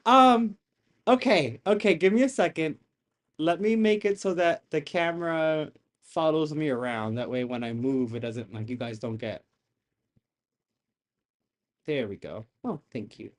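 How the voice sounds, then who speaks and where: A man hosting a casual live reaction stream from his home setup, excitable and rambling, swearing as he rants into a desk mic. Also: fairly high pitch. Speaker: livestream reaction host. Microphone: desk microphone.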